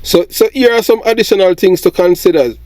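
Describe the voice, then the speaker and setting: Jamaican man with a dark voice. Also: high voice, brisk, dry recording. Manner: rambling, repeats "you understand?". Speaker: commentator. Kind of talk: casual commentary monologue.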